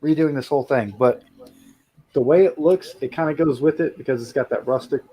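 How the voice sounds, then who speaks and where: A man's voice: medium pitch, brisk, mellow, slightly rough, poor audio. A man with an ordinary mid-range voice joins a live stream over a video call. He talks in a hesitant way and often restarts his sentences. He chooses his words carefully so he won't offend anyone. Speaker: guest woodworker. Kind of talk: casual chat.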